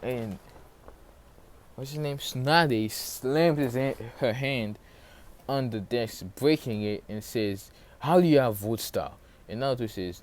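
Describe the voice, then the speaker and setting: A man's voice: medium pitch, darkish tone. A man casually retelling a fan story with a sore throat, rambling and losing track of names along the way. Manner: rambling, loses track of names, many fillers.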